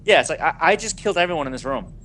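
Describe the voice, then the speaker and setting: A man on a gaming podcast talks in a bright, sharp voice that swings widely in pitch. He is animated and full of incredulous asides, with a faint rumble under the sound. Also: rapid-fire. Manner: lively, laughs, animated asides. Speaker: podcast co-host. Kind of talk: casual gaming podcast chat.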